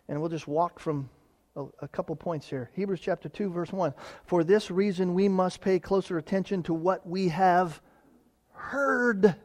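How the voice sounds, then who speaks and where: A man preaching a sermon, swinging from loud emphatic declarations to quiet, quick asides while reading scripture. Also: high-pitched. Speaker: pastor.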